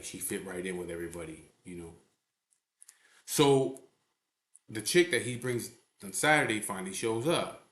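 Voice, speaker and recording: Low-voiced blunt man in echoey garage. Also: fairly bright tone. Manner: blunt, profane, keeps saying "you know what I mean". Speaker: biker club member telling a story. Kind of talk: casual storytelling. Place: garage hangout. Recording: echoey room.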